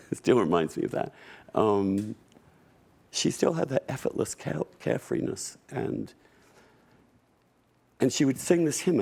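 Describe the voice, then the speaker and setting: A middle-aged Englishman, a guest speaker sharing wry, unhurried personal stories with soft laughs and frequent restarts. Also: fairly low pitch, gravelly, husky. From England. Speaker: guest speaker at a public conversation. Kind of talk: reflective personal storytelling.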